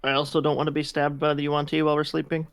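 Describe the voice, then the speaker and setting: A man's voice: a little high, completely flat delivery, very fast, gravelly, a bit bright, clear, resonant tone, no room sound. A man playing a tabletop game, chatting casually and cracking wry jokes. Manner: wry, joking. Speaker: player.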